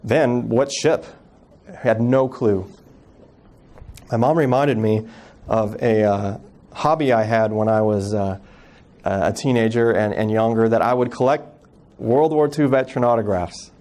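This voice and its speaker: A man's voice: lowish voice, a little slow. Earnest man telling a family story. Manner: earnest, acts out quoted family voices softly. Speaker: guest speaker. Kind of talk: personal storytelling talk.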